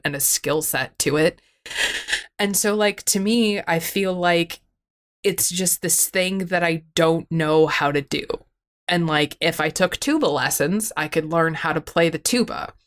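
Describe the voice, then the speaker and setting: A woman with a fairly low voice speaks in a raw, tearful, rambling way. She fills her talk with "like", swears freely and turns her words against herself. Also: fairly bright tone. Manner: rambling, frequent "like", self-critical, swears often. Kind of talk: emotional candid conversation.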